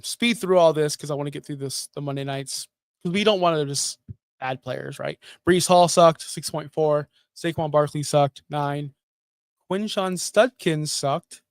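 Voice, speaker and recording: A middle-aged man hosting a fantasy football show, talking in animated, sarcastic, jokey rants. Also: a little high, creaky, no echo, studio quality. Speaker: fantasy football podcast host. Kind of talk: casual sports talk.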